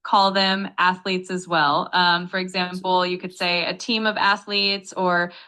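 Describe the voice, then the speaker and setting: A synthetic-sounding woman tutor with a bright, crisp edge to her voice. She explains vocabulary patiently, staying polite and upbeat throughout. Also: fairly low pitch, level tone, unhurried. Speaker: AI English tutor.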